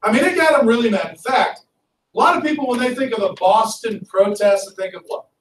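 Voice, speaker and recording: A male history teacher lecturing a class in a lively, conversational way and asking students questions. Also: very high voice, brisk. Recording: echoey classroom from far off.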